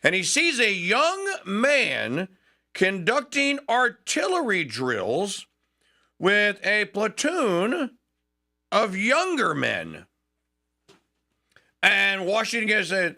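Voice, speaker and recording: A man's voice: high voice, very animated, slow pace, bright, forceful tone. A man hosting a talk show, telling a history story with enthusiasm, digressions and frequent restarts.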